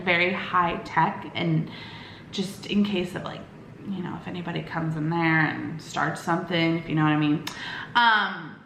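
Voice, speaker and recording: A woman's voice: on the low side, a bit bright, a little hiss or hum. Chatty young woman in an echoey room. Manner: chatty, rambling, lots of "like" and "um"; acts out quoted lines with quick voice shifts. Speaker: vlogger. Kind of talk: casual storytime chat.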